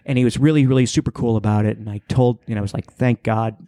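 A young man telling a long, rambling story on a casual podcast, jumping into high-pitched voices for the people in it. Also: steady tone, fast, dark tone, dry recording, studio quality. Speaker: podcast co-host.

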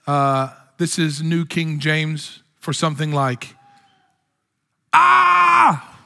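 A man's voice: on the high side, level tone, slow pace, a bit bright, clean tone. A man preaching a sermon as pastor, with impassioned delivery that climbs to exclamations. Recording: long hall reverb.

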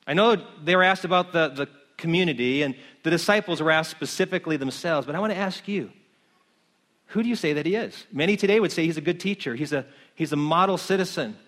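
A middle-aged male pastor delivering a sermon, with a voice that sits a little high for a man. He explains calmly, then climbs to fervent, near-shouted emphasis.

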